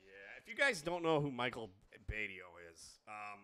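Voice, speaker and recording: A man's voice: mid-range voice, very animated, normal speed, bright, forceful tone. A male host and drummer, easygoing and chatty, laughing often in casual conversation. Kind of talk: casual chat.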